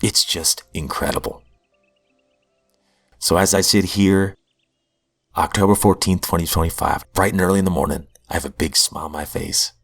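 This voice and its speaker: Deep-voiced man sharing heartfelt testimony. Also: fairly even intonation, moderate pace, gravelly, pauses often, fairly bright tone, soft background music. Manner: earnest, heartfelt, self-deprecating. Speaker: podcast host. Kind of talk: personal recovery testimony.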